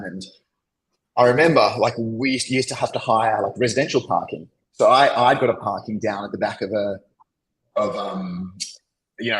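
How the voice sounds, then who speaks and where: A man's voice: fairly low pitch, poor audio. An Australian man telling business anecdotes as a podcast guest, rambling along with lots of "you know" and "like". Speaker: podcast guest, agency founder. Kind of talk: casual interview storytelling.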